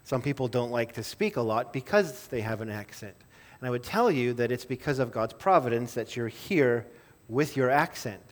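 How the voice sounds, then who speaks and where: Guy preaching a sermon, chatty and relaxed, restarts his sentences, mid pitched voice. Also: normal speed, few pauses. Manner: conversational, self-interrupting with small laughs and repeated words. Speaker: pastor.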